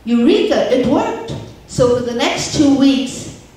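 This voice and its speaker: A woman's voice: high voice, animated, a little mellow. An older woman telling jokes at a talent show in a chatty storytelling manner, recorded from far off in an echoey hall. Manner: slow, chatty storytelling with Yiddish words. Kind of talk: stage joke-telling. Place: large theater stage.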